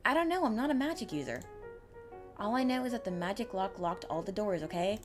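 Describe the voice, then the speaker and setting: A woman's voice: mid-range voice, expressive, a little fast, soft background music, lightly acted. A woman doing a sarcastic sulky schoolboy. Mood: sullen. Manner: sarcastic, sullen. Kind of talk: reading a visual novel aloud.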